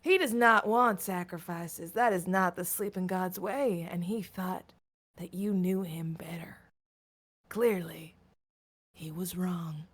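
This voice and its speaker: A solemn holy servant, voiced by a woman preaches slowly and gravely. The voice sinks lower and softer than her own. Each phrase is weighed out with slow, hushed care. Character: solemn male servant of a sleeping god.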